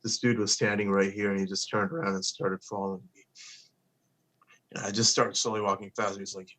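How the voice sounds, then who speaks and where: A man's voice: lowish voice, flat delivery, fairly quick, fairly bright tone. A young man co-hosting a casual chat show, telling a story in a laid-back way, swearing casually and quoting the people in it. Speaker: co-host.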